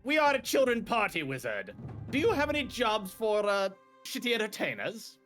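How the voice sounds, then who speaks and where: A man's voice: sits high, sing-song, moderate pace, a bit bright, soft background music, pitched above the performer's own voice. A man doing a pompous talking bird familiar. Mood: grandiose. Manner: grandiose, sardonic.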